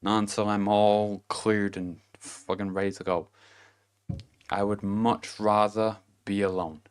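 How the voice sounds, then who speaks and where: A young man with a somewhat low voice talks through a casual self-help monologue, blunt and full of swearing. He laughs to himself and swings from loud, punchy emphasis down to low murmurs. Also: flat delivery, measured pace, clean tone. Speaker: vlogger.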